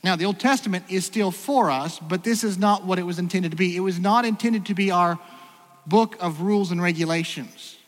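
High-voiced preaching man in a reverberant hall. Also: brisk. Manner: conversational preaching, rhetorical questions, frequent restarts. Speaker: pastor. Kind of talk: sermon.

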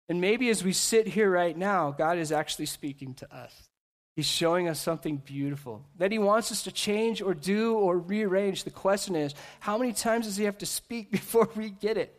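A man preaching a sermon in church to a seated congregation, animated, acting out quoted voices and breaking into quick asides. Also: high-pitched. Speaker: pastor.

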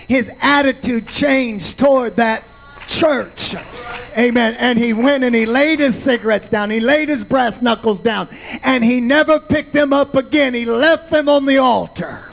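A male pastor preaching a sermon, slow and deliberate, punctuating points with amens. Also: very high voice, gravelly, fairly bright tone, poor audio.

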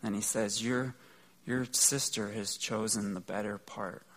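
A man's voice: on the low side, steady tone, measured pace. A man giving a conversational, earnest sermon, explaining things step by step. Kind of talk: sermon teaching.

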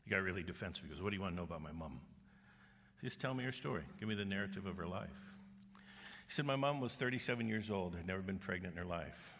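Deep-voiced man preaching in a hall. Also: animated, quick pace, vocal fry, a bit bright, slight background noise. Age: middle-aged. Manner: storytelling with quoted voices, earnest. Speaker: pastor. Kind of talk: sermon. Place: church auditorium. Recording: long reverb of a large hall.

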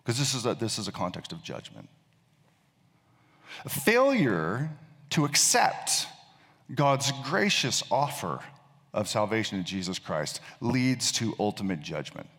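A man's voice: fairly low pitch, sing-song, unhurried, a bit bright. A male pastor preaching a sermon, telling a story and often repeating words as he thinks. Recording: long reverb of a large hall.

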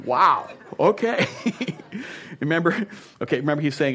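A man preaching a sermon as pastor, playful and animated, swinging from loud asides to quiet earnest talk. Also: on the high side, measured pace, husky.

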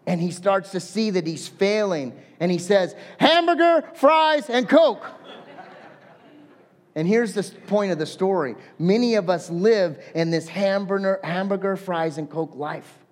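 A male pastor preaching a sermon, telling a story with lively acted-out quotes and lists of words. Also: sits high, moderate pace, hardly any pauses. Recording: long hall reverb.

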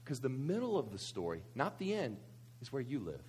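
A man's voice: mid-range voice, huge pitch swings, brisk, a little mellow, husky. A man, preaching a conversational sermon full of rhetorical questions and asides. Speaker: pastor.

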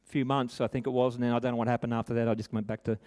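A man's voice: medium pitch, little pitch movement, rapid-fire, a little mellow. A middle-aged man preaching a sermon, telling a personal story in an earnest, conversational way with frequent restarts and tag questions.

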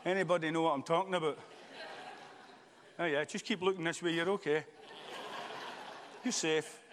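A man preaching a sermon in church, swinging from loud, impassioned calls to quiet, confiding stories. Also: on the high side, steady tone, normal speed, big-room sound, a little hiss or hum.

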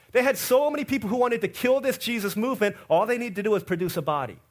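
A man preaching an Easter sermon as pastor, telling stories and acting out the people in them, swinging between loud excited asides and quiet, low passages. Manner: acts out the people in his stories with lively quoted voices.

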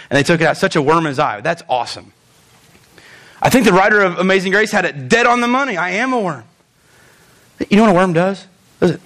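A young man preaching a sermon, animated, joking in asides and talking straight to his listeners. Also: high-pitched. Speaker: pastor.

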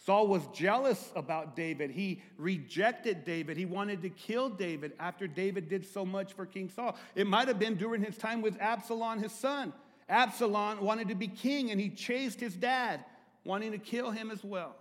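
A middle-aged male pastor preaching with a high, ringing voice. He drops to slow, hushed phrases, then climbs to loud, pleading cries. His words echo through a church sanctuary with a long, lingering reverb. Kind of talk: sermon.

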